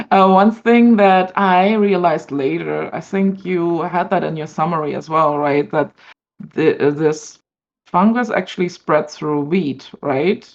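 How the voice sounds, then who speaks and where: A woman on a fan panel, speaking thoughtfully and hesitantly with many pauses and fillers. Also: on the low side, a little mellow. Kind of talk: casual panel discussion. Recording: dull lo-fi stream audio.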